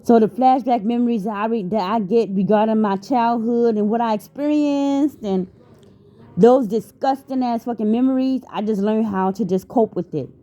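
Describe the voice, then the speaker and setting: A woman's voice: a little high, moderate pace, dark tone. A woman vlogger talking candidly and emotionally about her own life, swearing freely and often restarting her sentences. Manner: raw, emotional, profane, with frequent restarts. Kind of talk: candid personal vlog talk.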